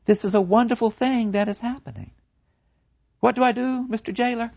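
A man's voice: extremely high pitch, fairly even intonation, brisk, gravelly, darkish tone, no echo, muffled recording, voice pushed up, exaggerated voice. A man voicing a serene old male philosopher awaiting execution, preaching earnestly and acting out other voices. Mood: cheerful. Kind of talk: dramatic storytelling.

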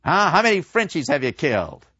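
A man voicing jingoistic old men at a pub who badger a young soldier in a loud, shrill way. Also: wildly swooping pitch, a little fast, dry recording, full character voice. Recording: dull lo-fi dry recording.

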